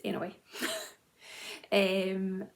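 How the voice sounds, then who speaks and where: Woman, 30s, knitting vlog host, casual and self-mocking, slight fry in the voice. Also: mid-range voice, completely flat delivery, drawn-out words. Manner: chatty and self-deprecating, with frequent "um" and restarts. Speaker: knitting video journal host. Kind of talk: casual chat to camera.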